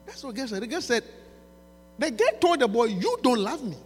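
A man, preaching a sermon by retelling a story, going from quiet asides to shouting. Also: very high voice, big pitch swings, a little fast, husky. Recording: reverberant hall with mains hum.

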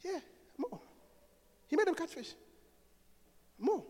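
High-voiced, animated male preacher. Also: slow, in a large hall. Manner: animated, swings from soft to shouting, laughs often. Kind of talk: sermon. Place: church.

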